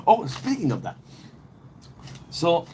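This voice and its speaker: A podcast host with a mid-range voice rambles in a casual, opinionated, emphatic way, full of slang, swearing and restarts. The background is noisy.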